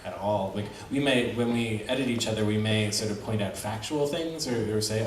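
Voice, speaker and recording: A man's voice: lowish voice, moderate pace, a little hiss or hum. A man answering thoughtfully as an author on a panel, with some hesitation. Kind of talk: panel discussion. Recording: echoey hall heard from far off.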